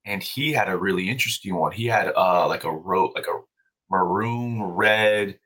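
A man's voice: low-pitched, moderate pace, a bit bright. A man as a podcast guest, telling a story in a loose, profane, casual way and laughing often.

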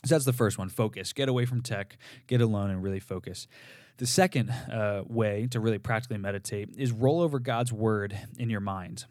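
A man's voice: lowish voice, a little fast, darkish tone, no echo, clean studio sound. A man co-hosting a podcast, earnestly teaching and repeating key phrases for emphasis. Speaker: podcast co-host teaching on meditation. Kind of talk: casual teaching talk.

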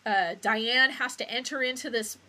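Bright-voiced woman recounting film scenes. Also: a little high, normal speed. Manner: rambling, recounting scenes, swearing. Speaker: podcast co-host. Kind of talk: casual chat.

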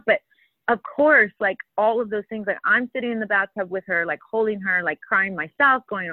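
A woman's voice: medium pitch, fairly quick, no echo. A woman recounts a story in loose, filler-heavy casual chat. Her voice arrives thin and tinny, as if over a phone line, with no room sound at all. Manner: rambling storyteller, many fillers.

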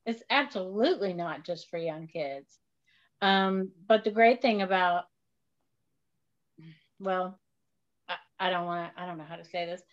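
A woman's voice: fairly low pitch, a little slow, pauses often, lo-fi sound. A middle-aged woman, a guest in a casual interview, speaking hesitantly with many fillers.

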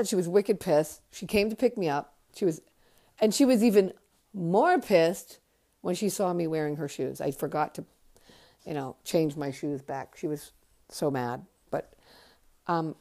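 A woman from Connecticut in her fifties, sounding tired, shares casual memoir stories on a podcast in a deep, warm voice at a measured pace. She rambles, works through her thoughts out loud, and curses openly.

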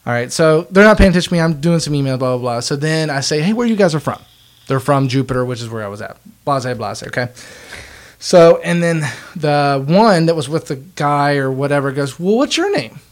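A young man with a slightly high voice chatting casually on a podcast. He tells his story with jokes and quick laughs. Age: 20s. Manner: joking storyteller, laughs often. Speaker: podcast co-host. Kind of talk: casual chat.

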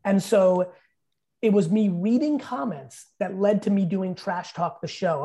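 This is a man in his fifties speaking as a podcast guest, with a husky, slightly breathy voice and a mellow, dark tone. He tells stories emphatically, swears freely and acts out quotes in casual chat. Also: high voice, lively intonation, normal speed. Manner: profane, emphatic storyteller who acts out quotes.

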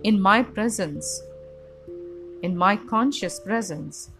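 Woman, reflective spiritual teacher, steady deliberate delivery, soft music behind. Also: mid-range voice. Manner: measured, reflective, lists examples deliberately. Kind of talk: calm philosophical lecture.

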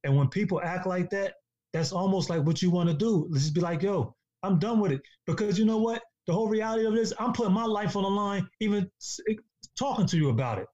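A man's voice: high-pitched, expressive, fast, darkish tone. A man in a casual podcast discussion, talking in an emphatic, preachy way and repeating himself for stress. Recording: dull lo-fi sound.

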